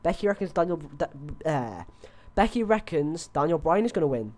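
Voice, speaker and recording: A young man talks casually into a headset, rambling with frequent fillers and restarts. His voice sits somewhat high for a man. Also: very animated, moderate pace, a little mellow. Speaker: host. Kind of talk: casual wrestling predictions chat.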